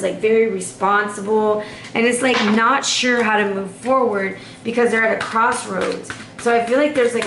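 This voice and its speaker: A woman's voice: medium pitch, fairly bright tone. A woman giving a chatty, sassy tarot reading straight to her viewers. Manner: chatty and sassy, lots of fillers. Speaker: tarot reader. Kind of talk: casual tarot reading to camera. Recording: echoey room with faint noise.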